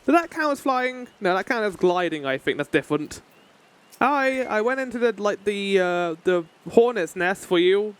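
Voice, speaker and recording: A man's voice: high voice, expressive, moderate pace, clean tone. A man giving chatty, joking let's-play commentary while playing a game. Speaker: streamer.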